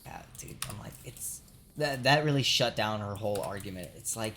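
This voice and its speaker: A man's voice: lowish voice, animated, moderate pace, very noisy. A male streamer venting about work while playing a game, swearing a lot and tagging sentences with "right?". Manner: profane ranting, constant "right?".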